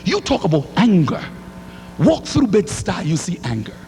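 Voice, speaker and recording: A man preaching a sermon in a church, swinging into shouted lines and calling for responses from the congregation. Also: sits high, wildly swooping pitch, normal speed. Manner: fiery, rising to shouts, call-and-response. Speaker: pastor. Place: church sanctuary. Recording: hall reverb, faint hum.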